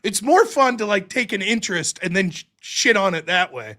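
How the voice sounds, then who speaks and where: A man's voice: high-pitched, lively intonation, moderate pace, bright, forceful tone. A man hosting a livestream, talking casually in a rambling, profane, jokey way. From United States. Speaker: livestream host.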